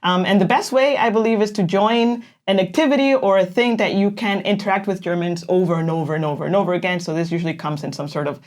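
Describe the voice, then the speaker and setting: A woman's voice: mid-range voice, quick pace, hardly any pauses, darkish tone. A woman co-hosting a casual chat, talking freely with frequent laughs and fillers. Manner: chatty, laughs often, says "like" a lot. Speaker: co-host.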